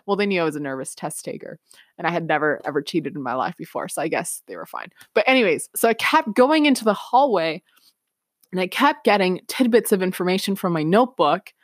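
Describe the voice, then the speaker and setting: A woman with a fairly low voice tells a personal story on her podcast, candid and reflective, with plenty of casual "like"s. The sound is close and dry, with no room around it. She steers the story toward gentle motivational encouragement. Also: very animated, a little fast, dry recording. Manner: candid, reflective, chatty with many "like"s. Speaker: podcast host.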